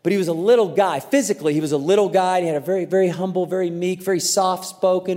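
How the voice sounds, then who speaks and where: A man preaching a sermon as a pastor, telling a story in an animated way and acting out the voices in it. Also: high-pitched, quick pace, few pauses, big-room sound. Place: large church auditorium.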